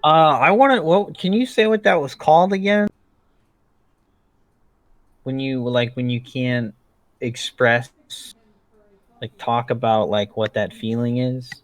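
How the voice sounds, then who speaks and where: A man's voice: medium pitch, a little slow, pauses often, dry recording. A man co-hosting over a remote call that cuts out, hesitantly groping for words. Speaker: podcast co-host.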